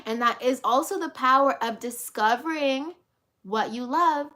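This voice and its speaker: A woman coach speaks straight to her listeners in a high, bright voice. She preaches with force and swears without holding back. She keeps acting out the inner voices she describes. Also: a little slow. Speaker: life coach. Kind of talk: motivational monologue to camera.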